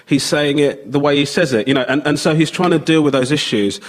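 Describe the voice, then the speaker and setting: A man's voice: a little high, brisk. A British man on a comedy panel, rambling and stammering through his jokes. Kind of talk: comic panel banter. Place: radio studio before a live audience.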